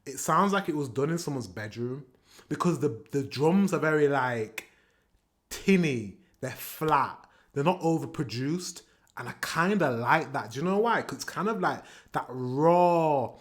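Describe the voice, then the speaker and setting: A man, chatting casually as a reaction video host, animated and scatting rhythms aloud. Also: a little high. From England. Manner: chatty and animated, scats beats with da da da. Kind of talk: casual music reaction commentary.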